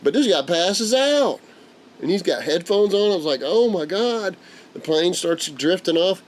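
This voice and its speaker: Animated man telling a story. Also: sits high, moderate pace. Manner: animated, acts out quoted voices. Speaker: channel host. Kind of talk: casual storytelling on a livestream.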